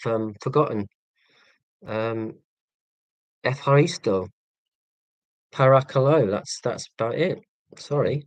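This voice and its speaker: This man in his forties, from England, speaks in a mid-range voice with a southern English Hampshire accent. The audio is poor, with no room sound. Chatting to viewers on his live stream, he's rambling, sarcastic and self-mocking, stumbling through plenty of ums and false starts.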